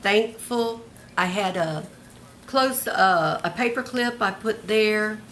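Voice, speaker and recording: A woman's voice: medium pitch, takes it slowly, fairly bright tone, slight background noise. An older retired woman showing off a handmade journal in a homey, chatty show-and-tell, describing each piece one by one. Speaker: craft vlogger.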